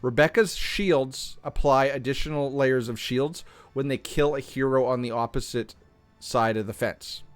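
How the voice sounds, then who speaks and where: A slightly hoarse man with an ordinary mid-range voice works through game patch notes out loud, stopping to restart and correct himself as he goes. The sound is dry and close, with faint music playing underneath. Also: medium pitch, a little slow, dry recording. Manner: thinks aloud, restarts and self-corrects. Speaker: gaming content creator.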